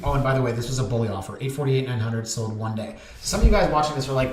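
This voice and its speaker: A Canadian real estate agent goes over listings with casual market commentary, chatting candidly and drifting off topic. He talks fast in a medium-pitched, sing-song voice, recorded in an echoey room with faint noise.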